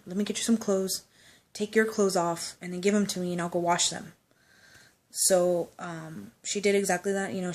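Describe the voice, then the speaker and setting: A woman casually telling a personal anecdote, chatty and loose, with swearing and laughing asides. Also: on the low side. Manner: chatty storytelling, swears, laughs, acts out quotes.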